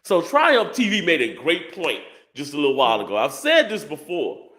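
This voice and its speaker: Man, talk-show co-host, lively high-ish voice, playful and loose. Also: normal speed. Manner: animated, joking, repeats words. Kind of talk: casual live chat.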